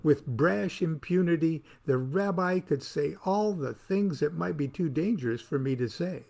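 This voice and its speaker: A man's voice: on the high side, moderate pace, gravelly, darkish tone. A man reading aloud from his own book, with a wry, theatrical delivery that plays to the listener.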